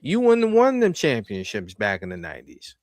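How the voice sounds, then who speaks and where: A man's voice: medium pitch, wildly swooping pitch, brisk, darkish tone, no room sound, studio quality. A man on a panel in a casual talk show, speaking emphatically. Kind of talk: casual chat.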